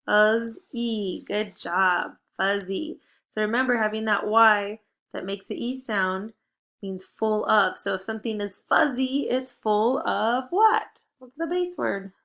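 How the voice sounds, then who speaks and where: Young woman teacher, phonics drill for kids, unhurried, upbeat and encouraging. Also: medium pitch, fairly bright tone. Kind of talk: phonics lesson for young children.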